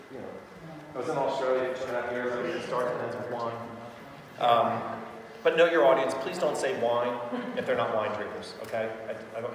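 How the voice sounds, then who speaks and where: A man giving a live sales training to an audience, chatty and quick to laugh, full of anecdotes. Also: mid-range voice, background noise. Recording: echoey hall recorded from far off.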